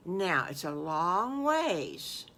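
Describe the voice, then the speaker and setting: Grandmother storyteller, folksy and animated, unhurried, bright voice. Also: on the low side, slight background noise. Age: older. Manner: folksy, animated, with asides to listeners. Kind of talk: improvised children's story narration.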